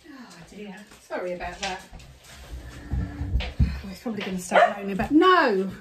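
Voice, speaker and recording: A woman's voice: medium pitch, moderate pace, long pauses. Chatty woman, noisy home recording. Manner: chatty, gushing, keeps breaking off to calm her dog. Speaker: crafting vlogger. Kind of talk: casual chat. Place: at home in a living room. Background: a dog barking and moving about.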